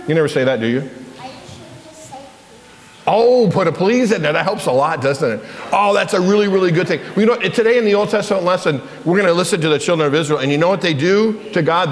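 A man leading a children's lesson in church as pastor, animated and asking the children questions. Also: a little high, a little fast. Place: church sanctuary. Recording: echoey church hall.

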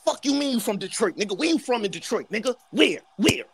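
A man from New York with a New York accent, trash-talking loudly and boastfully as a guest on a livestream call. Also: sits high, expressive, quick pace, gravelly, husky. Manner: brash, boastful, loud. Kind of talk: heated livestream trash talk.

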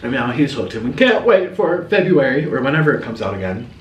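Chatty man with lively storytelling voice. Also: medium pitch, fairly quick, distant mic, slight background noise. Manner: chatty, animated, dramatic asides. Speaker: mukbang vlogger. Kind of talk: casual storytelling while eating. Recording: roomy echo, set back from the mic.

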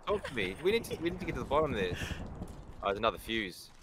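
A man's voice: mid-range voice, sing-song, very fast, background noise. A man with an Australian accent, chatting casually while gaming, full of laid-back slang and dry jokes. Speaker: voice actor playing a game with a streamer. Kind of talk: casual gaming chat, partly in his character's voice.

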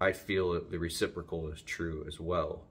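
Filmed on a phone camera at home, a man chats casually about his dog in a deep voice with flat delivery at a normal speed. His talk rambles, drifting off topic and restarting sentences.

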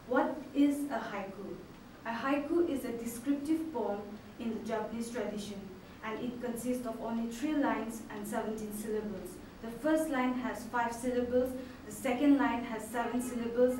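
Lady teacher doing a class video, kinda high voice, careful slow words, faint background hum. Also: a little mellow. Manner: slow, clear, syllable-stressing delivery. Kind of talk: online class lesson. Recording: echoey room from far off.

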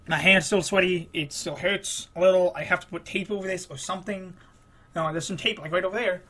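A man with a fairly high voice talks through his gameplay and keeps breaking into exasperated groans and outbursts. A faint hiss sits under his voice, and a few clicks come through. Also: a little fast, fairly bright tone. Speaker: gamer. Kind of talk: frustrated gameplay commentary.

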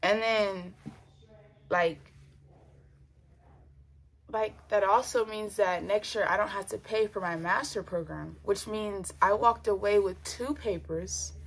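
A woman's voice: mid-range voice, slow pace, long pauses, breathy edge. A young woman vlogger giving an earnest personal faith testimony in her bedroom, emotional and close to tears, talking casually and repeating herself for emphasis. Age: young adult. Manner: earnest, repeats phrases, casual slang and fillers.

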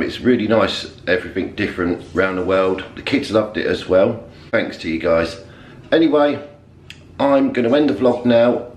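A man, chatting upbeat to viewers as he reviews snacks in a casual family vlog. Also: on the low side. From England. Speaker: family vlogger. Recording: echoey room, faint background noise.

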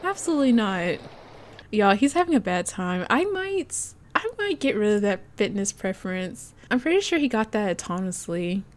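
A woman hosting a let's play, chatting excitedly through her gameplay and laughing often. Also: medium pitch, normal speed. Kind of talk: casual gameplay commentary.

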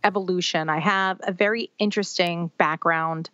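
A woman's voice: lowish voice, fairly even intonation, moderate pace, a bit bright, no echo. Chatty New woman, dry dull sound. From New York. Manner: chatty and candid, laughs often, acts out quoted voices. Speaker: guest, author and twins parenting founder. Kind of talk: casual podcast interview storytelling.

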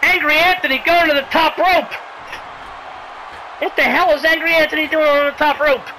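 A game commentator calling a wrestling video game play by play, excitable, sarcastic, yelling at big moves and pleading with the wrestlers. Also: high-pitched, moderate pace, slight background noise, low-quality recording. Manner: sarcastic asides and mild swearing.

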